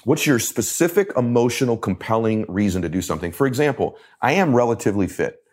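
A man's voice: medium pitch, animated, fast. A middle-aged man, a motivational coach, telling a personal story with emphatic, repetitive phrasing in a podcast conversation. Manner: emphatic, repeats phrases for effect.

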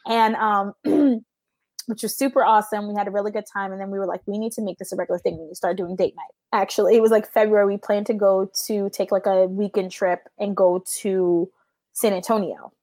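A woman in her thirties, a podcast guest telling stories in a chatty way, full of "like" and jumping high when she laughs. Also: steady tone, brisk, warm tone, no room sound. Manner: chatty, says "like" a lot, jumps to high squeals when laughing. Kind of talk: casual storytelling chat.

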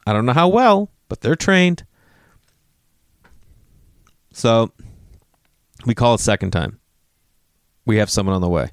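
A man's voice: medium pitch, dry recording, studio quality. A man telling a story in casual talk, swearing freely and acting out what people said. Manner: animated, profane, acts out quotes.

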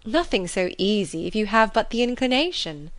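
A woman's voice: medium pitch, big pitch swings, normal speed, fairly bright tone, no echo. A woman reading a witty, teasing young woman.

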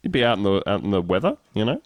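A man co-hosting a comedic podcast, reading a news story aloud and laughing often between low, dry asides. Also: big pitch swings, very fast, no room sound. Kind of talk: casual comedic chat.

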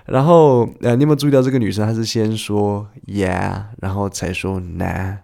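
A man's voice: on the low side, fairly even intonation, moderate pace, gravelly, dark tone. A man teaching English in a chatty, playful way, acting out short dialogues as he explains clips.

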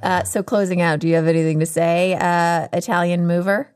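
A woman hosting a casual podcast chat, talkative and quick to laugh. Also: fairly low pitch, flat delivery, darkish tone, smooth. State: pregnant, on bed rest. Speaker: podcast host.

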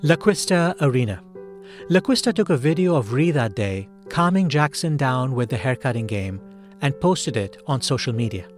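A man hosting a podcast, narrating a scripted story in a calm, measured way. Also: mid-range voice, music in the background. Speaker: podcast host.

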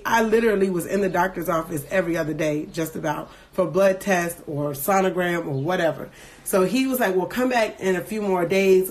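A woman in her thirties, emotional and earnest, candidly telling a personal story to her viewers with many pauses and restarts. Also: medium pitch. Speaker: livestream host sharing a personal story.

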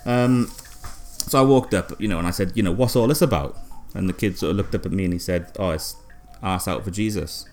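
A man, co-hosting a comedy podcast, telling an absurd story deadpan with lots of fillers and hesitation. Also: deep voice, brisk. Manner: rambling, hesitant, many fillers. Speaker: podcast co-host.

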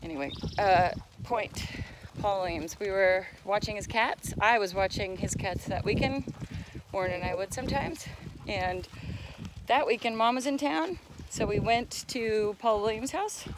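A woman co-hosting a casual talk, telling a story with lively, laughing delivery while out on a walk. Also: medium pitch, unhurried, noisy background. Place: outdoors on a walk.

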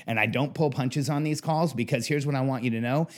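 A man's voice: medium pitch, a little fast. Candid male business coach telling stories. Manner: casual, candid, anecdotal. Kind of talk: storytelling monologue.

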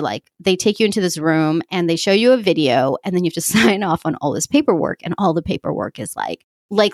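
A woman coach casually telling a story to her listeners, animated and quick to laugh, acting out the dialogue. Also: lowish voice, dry recording, studio quality. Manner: animated, laughs often, acts out quoted dialogue.

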